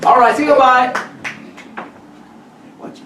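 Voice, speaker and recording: A man performing a comedy magic act on a theatre stage, teasing and bantering with the audience in a playful, excitable way. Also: very high-pitched, takes it slowly, slight background noise. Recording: roomy echo from far off.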